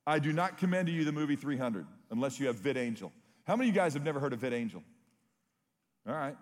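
A man's voice: mid-range voice, lively intonation, fast talker, in a large hall. A man preaching a sermon, telling stories with rising emphasis. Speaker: pastor.

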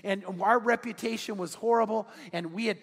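Male pastor, high voice, animated storyteller, long church reverb. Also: a little fast. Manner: animated, acts out dialogue in his story. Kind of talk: sermon storytelling. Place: large church sanctuary.

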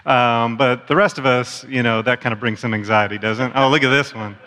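Bright-voiced male pastor in a reverberant hall. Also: medium pitch, fairly even intonation, fairly quick. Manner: conversational, self-deprecating humor. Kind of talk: sermon. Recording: long church hall reverb.

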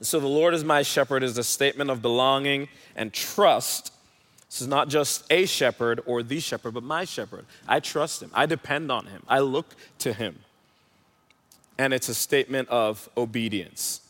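A man's voice: mid-range voice, moderate pace, a bit bright. A man preaching a sermon in a church hall, earnest and emphatic, repeating key phrases. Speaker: pastor. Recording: long hall reverb.

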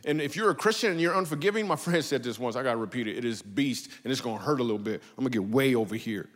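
A man's voice: mid-range voice, very fast. A man preaching a casual, comedic sermon in a church, telling stories and jokes in a conversational way. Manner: conversational, joking, animated storytelling. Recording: long hall reverb.

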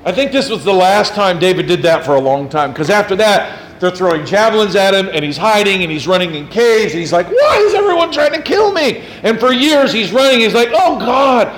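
A preacher with a fairly high voice delivers an animated sermon. He acts out quotes and keeps checking in with the crowd. His voice echoes around a roomy hall over faint room noise. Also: a little fast, hardly any pauses.

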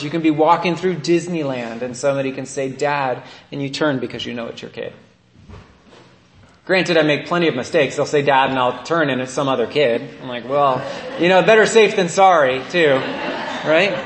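A priest giving a relaxed, conversational sermon, telling stories and often checking in with his listeners by asking "right?". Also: a little high, echoey room, slight background noise. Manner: storytelling, often asks "right?".

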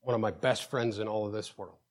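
A man's voice: on the low side, steady tone, fairly quick, slightly rough. A man preaching a sermon as pastor. He tells personal stories with emphatic call-outs to the congregation and often stammers and repeats words.

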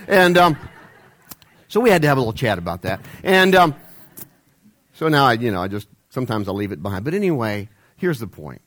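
A man's voice: medium pitch, sing-song, fairly quick, fairly bright tone. A man preaching a humorous sermon in a church, rambling and jokey with self-deprecating asides. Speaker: pastor. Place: church sanctuary.

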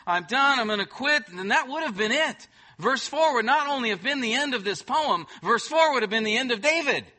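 A man preaching a sermon as pastor, emphatic, swinging between loud bursts and soft, hushed moments. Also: extremely high pitch, lively intonation, brisk.

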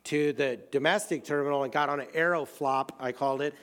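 An American man telling a personal travel story in a casual way, full of fillers, swinging between excited outbursts and quiet, hushed moments. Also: fairly high pitch, a little fast, clean tone. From United States.

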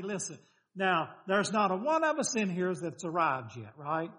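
An older man preaching a sermon, folksy and animated, firing questions at the congregation. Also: sits high, moderate pace.

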